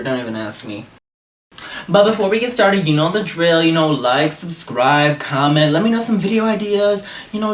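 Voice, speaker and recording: A young man telling a storytime vlog in a sassy, animated way. He swears freely and his pitch jumps high when he gets outraged. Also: distant mic. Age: young adult. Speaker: vlogger. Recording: roomy echo, a little off-mic, faint hiss.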